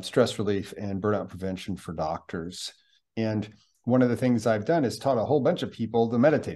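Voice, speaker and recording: Low-voiced man teaching mindfulness. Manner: animated, teacherly, slips into guided-meditation delivery. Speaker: podcast host and mindfulness teacher for physicians. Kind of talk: conversational podcast interview.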